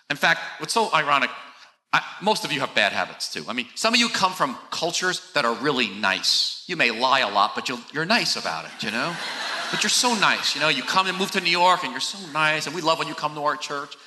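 An older pastor delivers a conversational, confessional sermon in a fairly high, sing-song voice that's brisk and sharp. He often says "you know" and pokes fun at himself. The recording comes from a large church hall and sounds echoey.

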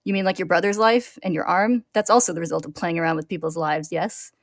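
A cold, unhinged male scientist who taunts calmly, read by a woman in her own fairly low voice. The delivery stays even and measured. It is recorded close and dry. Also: no room sound. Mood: taunting.

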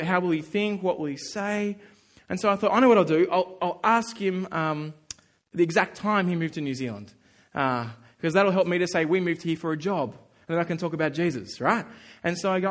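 A male pastor preaching a sermon, telling a personal story in an animated, earnest way and acting out his own thoughts. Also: sits high, a little fast. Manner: earnest and emphatic.

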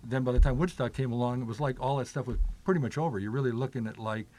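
An older man reminisces at a brisk, quick clip, piling up filler words and restarting his sentences. His voice sits at an ordinary middle pitch, and the talk is loose and conversational. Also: mellow, a little hiss or hum. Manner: rambling, many filler "like"s and restarts. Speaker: guest. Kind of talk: casual storytelling chat.

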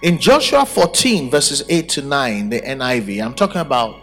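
A man's voice: mid-range voice, expressive, moderate pace, a bit bright, soft background music. A man preaching a sermon at a church service, emphatic and full of rhetorical questions. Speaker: pastor.

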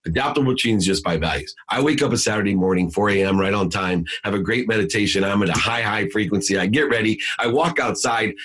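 A man's voice: fairly low pitch, fast, hardly any pauses, a bit bright. A middle-aged man, a guest speaker, telling a motivational story in an emphatic, preachy way that repeats key words.

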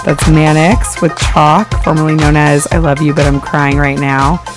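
A chatty, bubbly male radio DJ with a fairly high voice, chatting casually in the studio. He rambles cheerfully between songs and laughs easily. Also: little pitch movement, normal speed, music in the background. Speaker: radio DJ host.

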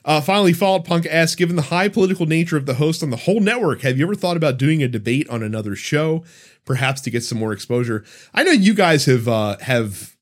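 A man in his thirties chatting on a podcast with a lively voice that swings up and down. He swears casually and laughs often while reading listener questions. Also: fairly high pitch, fast. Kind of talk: casual chat.

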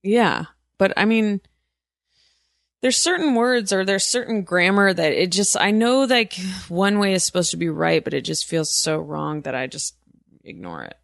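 A woman's voice: mid-range voice, expressive, normal speed, gravelly, no echo, studio quality. A woman hosting a podcast in casual chat, laughing and muttering words over to herself as she doubts them. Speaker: podcast host.

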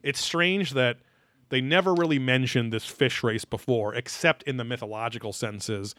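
Guy rambling on his podcast, lots of ums and likes, mid pitch, dry close mic. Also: normal speed, a bit bright, no room sound. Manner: rambling, filler-heavy, laughs at crude jokes. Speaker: podcast host. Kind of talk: casual commentary chat.

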